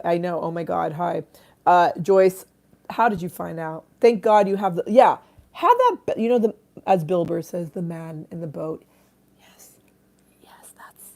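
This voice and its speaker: Gravelly, irreverent woman streaming live. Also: on the low side, a little mellow. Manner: irreverent, swears freely, laughs at herself; eats and drinks while talking. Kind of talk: casual live-stream chat.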